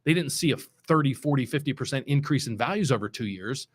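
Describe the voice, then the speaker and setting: A middle-aged mortgage loan officer from West Virginia hosts his show, giving casual, unscripted market commentary in a loose, rambling style with many restarts and heavy stress on key words. His medium-pitched voice is fast, with lively intonation.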